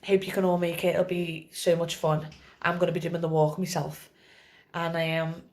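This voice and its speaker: A woman's voice: lowish voice, little pitch movement, moderate pace, a little mellow. Tearful rambling young woman. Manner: rambling, tearful, laughing through tears, many fillers. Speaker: vlogger. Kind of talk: emotional personal vlog. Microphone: phone camera.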